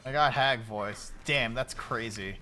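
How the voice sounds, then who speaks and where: A man in his late twenties streams a game while chatting casually in a medium-pitched, unhurried voice. He's loose and profane, and he shouts at the game whenever it goes wrong.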